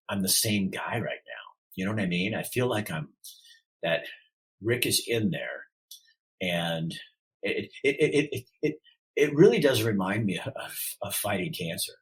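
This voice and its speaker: A middle-aged man, a podcast guest, telling his story in an animated way and acting out the dialogue. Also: sits low, low-quality recording. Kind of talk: storytelling in an interview.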